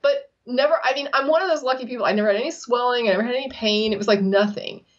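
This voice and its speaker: A woman's voice: fairly high pitch, racing. A woman co-hosting a casual chat, telling stories animatedly, laughing often and acting out what others said. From Texas. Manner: animated storyteller, laughs often, acts out quotes. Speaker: co-host. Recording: slightly dull lo-fi audio.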